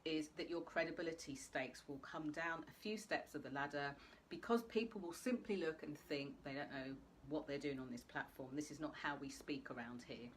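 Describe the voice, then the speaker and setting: A woman's voice: low-pitched, normal speed, slight background noise. A woman hosting a live video talk, speaking straight to her viewers in a chatty way. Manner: chatty, addresses viewers directly. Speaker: host.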